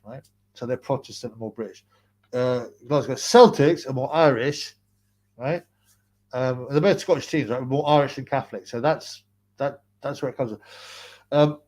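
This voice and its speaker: A man's voice: medium pitch, a little mellow. Man, livestream host, casual rambling chat, repeats words, frequent laughs.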